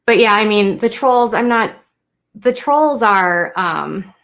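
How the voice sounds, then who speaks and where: A young woman talking unscripted to her live-stream viewers, halting and emotional, with many fillers and restarts. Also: mid-range voice, animated, a bit bright.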